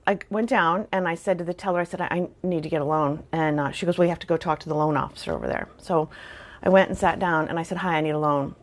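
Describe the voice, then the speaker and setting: A middle-aged woman telling a funny personal story in a casual, wry, self-deprecating way, with chatty fillers. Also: deep voice. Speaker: storyteller vlogger.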